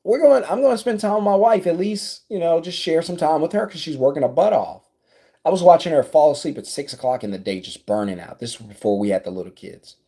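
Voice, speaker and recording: A man in his thirties with a South Louisiana accent, a business coach telling a story to camera in his office in an animated, conversational way. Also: a little high, fast. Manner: animated, conversational, acts out dialogue.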